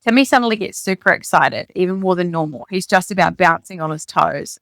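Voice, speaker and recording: A woman narrates her own story in the first person, with candid asides in between. Her voice sits low for a woman. The recording is close and dry, with no room sound. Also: a little fast, hardly any pauses, a bit bright, dry recording. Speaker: author reading her own book on her podcast.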